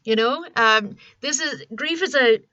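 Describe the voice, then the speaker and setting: Bright-voiced chatty woman in her forties. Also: fairly high pitch, a little slow, no room sound, muffled recording. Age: 40s. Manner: chatty, rambling, self-deprecating. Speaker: vlogger. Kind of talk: casual talk to camera. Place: small home studio.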